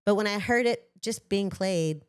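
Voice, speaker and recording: A middle-aged woman from Los Angeles, a singer chatting as a guest on a casual podcast, animated and self-deprecating, laughing often. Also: medium pitch, normal speed, clear, resonant tone.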